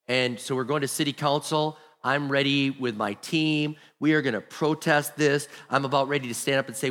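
A man's voice: mid-range voice, a little fast, a bit bright, big-room sound. A man preaching a sermon as pastor, telling stories and acting out the people he quotes. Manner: storytelling, acts out quoted people.

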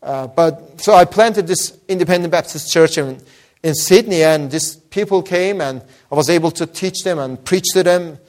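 Man, pastor, testimony sermon, fervent, earnest, slightly high voice. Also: moderate pace, darkish tone. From Iran. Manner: earnest, fervent, repeats words when stressing.

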